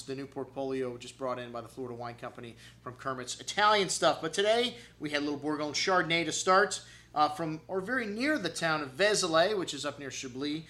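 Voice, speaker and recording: Bright enthusiastic wine shop host. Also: male voice, medium pitch. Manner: enthusiastic, rambling, with frequent fillers. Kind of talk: casual wine tasting notes.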